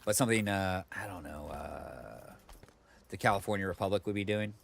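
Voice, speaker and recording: Rambling low-voiced male game streamer. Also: expressive, moderate pace, creaky, breathy edge. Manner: rambling, chatty, full of fillers and asides. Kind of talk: casual let's-play commentary.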